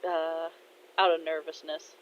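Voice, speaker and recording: A woman narrates a fan story off the cuff, slow and hesitant, with a lowish voice and frequent fillers. The recording is dull and lo-fi. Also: little pitch movement, a little hiss or hum. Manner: hesitant, many fillers and quoted asides. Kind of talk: casual spoken fan fiction.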